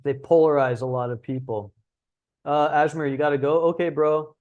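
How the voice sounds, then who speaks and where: A man's voice: fairly high pitch, fairly even intonation, normal speed, darkish tone, lo-fi sound. A young man hosting a livestream, talking casually and bluntly as a dating coach, with frequent swearing. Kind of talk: livestream talk.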